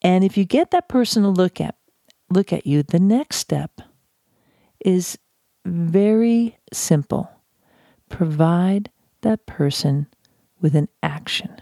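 A woman giving a measured, reflective talk on handling conflict, pausing often and repeating phrases for emphasis. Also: fairly low pitch, lively intonation, gravelly, mellow, no room sound, studio quality. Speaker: speaker on conflict de-escalation. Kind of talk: talk on civility.

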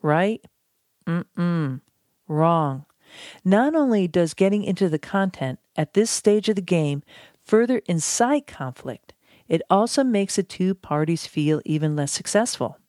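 A woman teaching conflict management in a playful, chatty manner that addresses the listener directly. Her voice is lowish and mellow. The recording is dry and close, with no room sound. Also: animated, a little slow, no echo. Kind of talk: instructional audiobook narration.

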